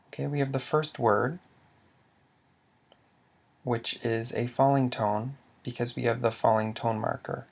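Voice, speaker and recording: A man teaching tone rules step by step, with a methodical manner, saying each example word louder than the rest. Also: medium pitch, vocal fry. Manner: slow and methodical, says Lao example words louder. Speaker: language teacher. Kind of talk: screen-recorded tutorial explanation.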